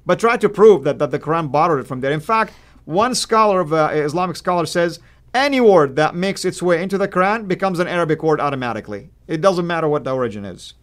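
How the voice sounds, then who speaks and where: Man co-host, reads questions, slightly high voice, halting delivery. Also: lively intonation. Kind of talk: casual live-stream chat.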